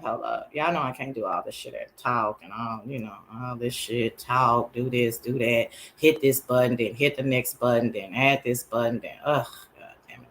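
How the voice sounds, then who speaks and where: With a bass voice, a woman hosts a live chat show of her own. Her casual talk is sassy, full of slang and excitement, punctuated by bursts of shrieking laughter.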